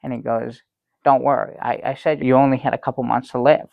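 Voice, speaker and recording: Guy doing an oblivious sad-sack storyteller, gravelly voice, rambly and earnest, muffled dry sound. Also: medium pitch, little pitch movement, fairly quick, no room sound, lightly acted. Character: naive sad-sack man, middle-aged, earnest and oblivious. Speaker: comedy sidekick telling a story. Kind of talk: improvised sketch comedy banter.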